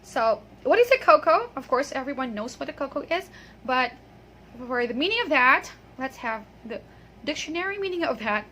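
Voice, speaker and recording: A woman with a high voice leads a pronunciation lesson, drilling one word at a time. Her tone is bright and clear. She repeats words slowly so the listener can copy them. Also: very animated, a little hiss or hum. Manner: patient, drills words and checks with "okay?". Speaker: English pronunciation teacher.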